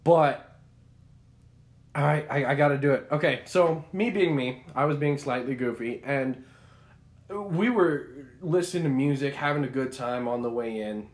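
A young man co-hosting a podcast, telling a story in an animated, rambling way with many restarts. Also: medium pitch, moderate pace. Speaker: podcast co-host. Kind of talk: casual chat.

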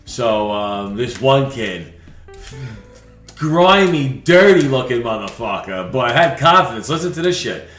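A man telling a rowdy story on a casual podcast, swearing freely and laughing as he goes. His voice sits at an ordinary pitch. The room rings noticeably, with faint music underneath. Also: very animated, unhurried, fairly bright tone, echoey room. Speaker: podcast co-host.

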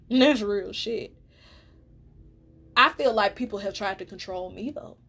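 A woman's voice: medium pitch, unhurried, vocal fry, slightly rough. A woman hosting a solo podcast, talking candidly and emphatically, swearing freely. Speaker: podcast host. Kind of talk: casual solo podcast monologue.

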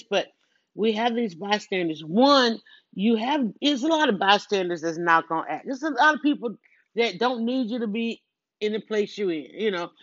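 A woman's voice: mid-range voice, dry recording, lo-fi sound. A woman telling a personal story in a casual monologue, earnest and rambling, with many restarts and asides to the listener.

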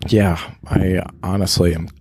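A man's voice: low-pitched, flat delivery, measured pace, a little mellow, slightly rough, dry recording, clean studio sound. A man co-hosting a casual book podcast, laid-back, tossing in joking theories and short replies. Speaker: podcast co-host. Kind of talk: casual book-discussion chat.

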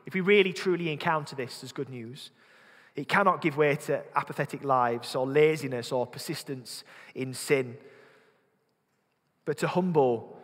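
A man's voice: medium pitch, fairly bright tone. A man with a Yorkshire accent preaching a sermon, earnest, repeating words as he thinks and putting questions to the congregation. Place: church. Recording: long hall reverb.

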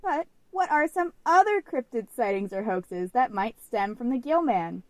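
A woman's voice: fairly high pitch, animated, measured pace, dry recording. A young woman co-hosting a podcast, telling a story in a chatty, casual way full of "like" fillers. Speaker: podcast co-host.

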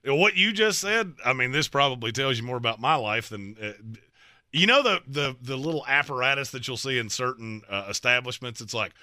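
A man's voice: medium pitch, no echo, studio quality. A man co-hosting a sports talk show, firing off wisecracking asides in casual banter. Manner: wisecracking, animated, quick asides.

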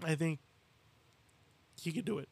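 A man with a notably high voice holds forth in casual podcast banter, lively and blunt, with plenty of swearing. His voice is recorded close and dry, with no room sound around it. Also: unhurried, vocal fry, slightly rough, dry recording. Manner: animated, acts out fighters' quotes, swears freely. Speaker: boxing podcast co-host. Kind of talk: casual chat.

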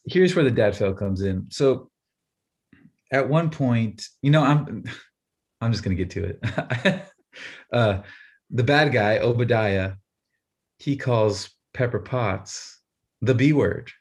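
A man in his thirties, a podcast co-host, telling a family story in a casual, animated way and laughing often. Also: mid-range voice, slow, pauses often, breathy edge. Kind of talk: casual chat.

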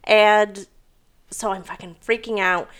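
A woman's voice: medium pitch, steady tone, measured pace, fairly bright tone, clear, resonant tone. A young woman co-hosting a casual podcast, telling stories animatedly and swearing freely. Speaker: podcast co-host. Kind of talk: casual chat, reading odd news stories.

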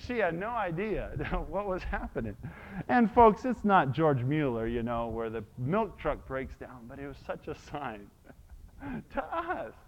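A male preacher with a high, very lively voice delivers a sermon. He moves between hushed, intimate stretches and loud shouted praise. The recording sounds dull and lo-fi. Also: a little slow. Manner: animated, swings from soft to shouting.

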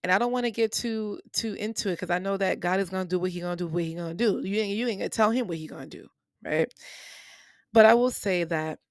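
A woman's voice: on the low side, no echo, studio quality. A woman hosting a personal faith podcast, speaking earnestly and emotionally and repeating phrases for emphasis, with features. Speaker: podcast host. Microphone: podcast microphone.

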